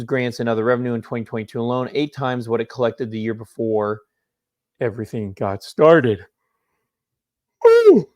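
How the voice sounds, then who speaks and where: A man casually commenting on political news, reading articles aloud in quick bursts and then stopping for drowsy, low-key asides. His pitch sits in the middle of the usual male range, and he yawns from time to time.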